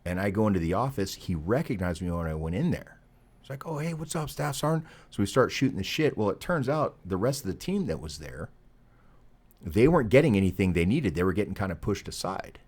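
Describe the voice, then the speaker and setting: A middle-aged man with a deep, slightly rough voice talks a little fast as a podcast guest. He tells a casual, profane military anecdote in an animated way.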